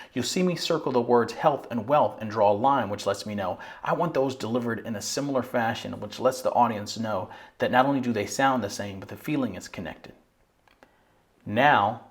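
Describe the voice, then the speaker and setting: A man coaching young students on performing poetry, explaining step by step in a friendly, encouraging way and slowing down to recite lines with lifted expression. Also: fairly low pitch. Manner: slows and lifts his voice when reciting poem lines. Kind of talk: instructional video narration.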